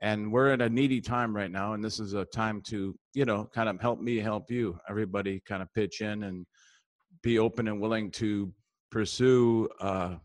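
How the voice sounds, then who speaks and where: A man's voice: lowish voice, steady tone, normal speed, no room sound. A man, a comedian guest, chatting in a rambling, joking way with many fillers. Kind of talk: casual interview chat.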